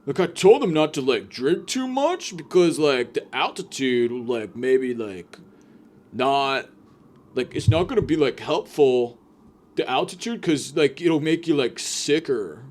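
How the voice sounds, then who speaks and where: A man putting on the voice of a dim, rich young party bro who talks slowly and slurs as if a bit drunk, every line rising like a question. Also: mid-range voice, lively intonation, darkish tone. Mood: drawling. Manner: slow, slurred, sounds a bit drunk; drawls, ends everything like a question.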